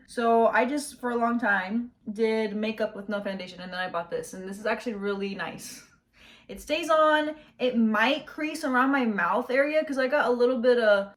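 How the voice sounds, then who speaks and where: Bubbly high-energy young woman vlogger. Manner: high-energy, chatty, slangy. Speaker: beauty vlogger. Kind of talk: casual get-ready-with-me chat. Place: her bedroom.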